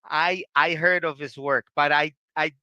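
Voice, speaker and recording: A man in a casual discussion, speaking in halting bursts with frequent restarts. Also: on the high side, fairly even intonation, pushed and bright, clean tone, no echo, muffled recording.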